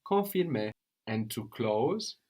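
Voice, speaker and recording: A man's voice: mid-range voice, sing-song, slow pace, darkish tone. Guy teaching a language class, patient, keeps asking "no?". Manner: patient, prompts with questions, tag "no?". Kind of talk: guided language lesson.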